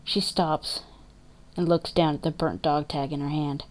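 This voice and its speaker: A woman reads dramatic fiction aloud, with measured, emotive narration. Her voice sits fairly low for a woman, and she gives the story steady attention. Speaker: story reader.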